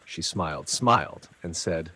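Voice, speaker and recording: A man's voice: deep voice, animated, unhurried, sharp tone, slightly rough. A man narrating a first-person story in a dramatic, conversational way with casual asides.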